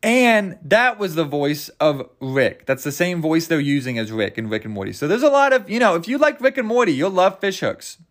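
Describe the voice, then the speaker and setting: A man's voice: a little high, animated, moderate pace, hardly any pauses. A young man hosting a casual solo podcast, rambling and joking, often tripping over his words. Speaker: podcast host.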